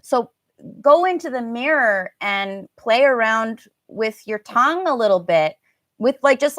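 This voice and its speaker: Slow, bright-voiced woman teaching pronunciation. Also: on the high side, animated, dry recording, studio quality. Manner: chatty, drawn-out demonstration of vowel sounds. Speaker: English teacher. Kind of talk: live online pronunciation lesson.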